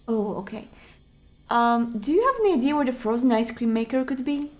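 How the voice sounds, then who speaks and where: A woman's voice: sits high, expressive, brisk, darkish tone. A woman playing through a detective video game, chatting casually in a playful, curious way and stumbling over her words now and then. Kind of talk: casual let's-play commentary and reading game text.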